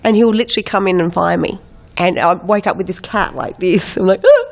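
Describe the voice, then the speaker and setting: An Australian actress in her thirties chatting as an interview guest, animated and quick with impressions, still getting over a head cold. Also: lowish voice, vocal fry. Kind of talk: casual chat.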